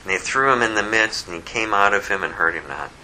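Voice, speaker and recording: A man preaching an expository Bible sermon in an animated way, reading scripture aloud and swinging from hushed asides to loud, emphatic bursts. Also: lowish voice, fast talker, a little hiss or hum, low-quality recording. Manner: reads scripture aloud in King James wording. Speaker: pastor.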